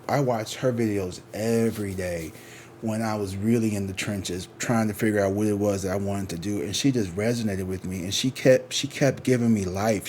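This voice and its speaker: Chatty low-voiced man rambling to viewers. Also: a little mellow, slight background noise. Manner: chatty, slangy, swears freely. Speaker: tarot reader. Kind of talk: casual rambling chat to viewers.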